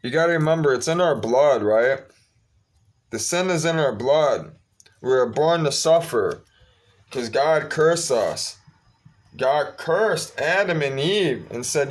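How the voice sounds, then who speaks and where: A man with a fairly high voice delivers a preachy religious talk. He speaks slowly and drawn out, often repeating his phrases to press a point home. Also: lively intonation. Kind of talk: casual religious monologue.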